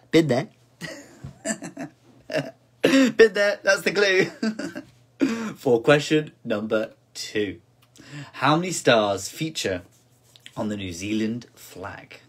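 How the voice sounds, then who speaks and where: Male quiz host, slightly raspy voice, casual and self-deprecating, repeats the questions. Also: medium pitch, sing-song, takes it slowly, long pauses, fairly bright tone. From United Kingdom. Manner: chatty, repeats each question several times, laughs at himself. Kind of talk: casual live-stream quiz hosting.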